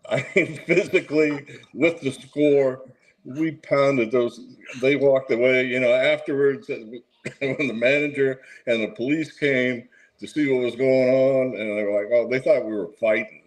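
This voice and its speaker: Male guest, mid pitch, relaxed storyteller, chuckles through anecdotes. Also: a little slow, poor audio. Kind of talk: casual storytelling chat.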